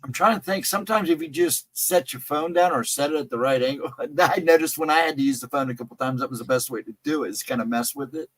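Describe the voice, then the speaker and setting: A man's voice: fairly high pitch, quick pace, hardly any pauses, dry recording. A man hosting a casual livestream chat, rambling and easygoing, often laughing. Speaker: host.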